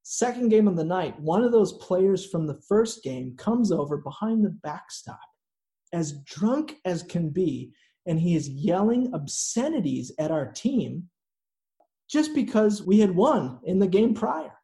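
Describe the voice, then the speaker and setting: A man preaching a sermon in a slow, earnest way, with dramatic pauses. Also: sits high, sing-song, dark tone. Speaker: pastor.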